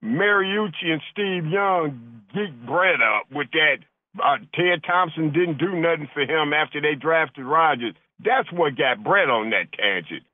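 A man's voice: on the high side, expressive, a little slow, no room sound. Guy calling into sports radio, worked up and rambling, squashed phone-line sound, dry. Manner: fired-up, rambling, says "man" a lot. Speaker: caller. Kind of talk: call-in radio chat.

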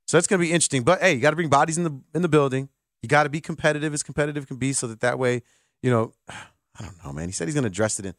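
A man hosting a sports talk radio show, lively and joking, speaking from a radio studio. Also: medium pitch, no room sound. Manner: lively, joking, does voices to mock.

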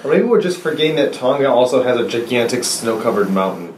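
A man's voice: mid-range voice, animated, fast talker. A man from the United States chats casually on a podcast, tossing in wry jokes. His voice sits in a middle range and carries a roomy echo, with faint noise behind him. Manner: wry, joking asides. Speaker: podcast guest. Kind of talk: casual chat.

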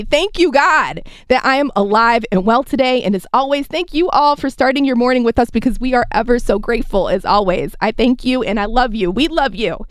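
A woman's voice: on the high side, dry recording, clean studio sound. A woman co-hosting a morning radio show, chatty and emotional as she shares an inspirational story. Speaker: radio co-host.

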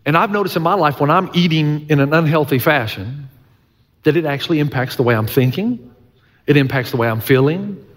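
A man's voice: on the high side, lively intonation, brisk. Emphatic preaching man in a reverberant hall. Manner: earnest, emphatic preaching with folksy humor and repetition. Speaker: pastor. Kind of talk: sermon. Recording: long church-hall reverb.

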